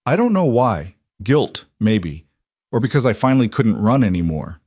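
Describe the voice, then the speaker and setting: A man's voice: on the low side, sing-song, moderate pace, a little mellow, no room sound, studio quality. A man voicing a weary frontier man who has run from his past all his life, in short, plain-spoken sentences. He sounds like a storybook reading.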